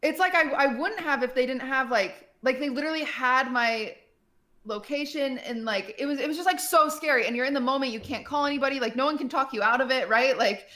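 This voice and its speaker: Animated woman telling a story on a call. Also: sits high, a little fast. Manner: animated, many fillers, acts out quotes. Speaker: streamer. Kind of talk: casual chat, storytelling.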